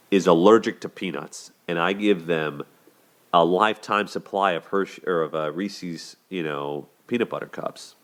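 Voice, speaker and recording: A man with a strikingly low, deep voice hosts a casual relationship commentary. He speaks conversationally, now and then acting out quoted lines in a lifted voice. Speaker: host of a relationship commentary show.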